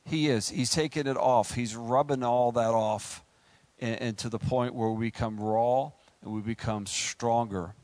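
A man preaches a sermon in a conversational, joking way, acting out quick asides before rising into excited, high-pitched preaching. The recording has no room sound.

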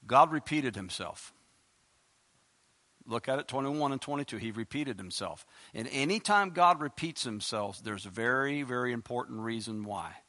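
A male preacher delivers a sermon in a bright, forceful voice. He reads scripture passages aloud with rising emphasis and breaks in with rhetorical questions. He ends in a spoken prayer. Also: medium pitch.

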